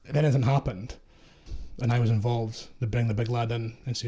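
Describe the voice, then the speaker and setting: A middle-aged Scottish man with a broad East Coast accent talks in a warm, dark tone. He tells his stories bluntly, swearing freely. His delivery is casual and full of laughter. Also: medium pitch, fairly even intonation, fairly quick. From Scotland. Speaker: podcast guest, former security contractor. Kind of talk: casual chat.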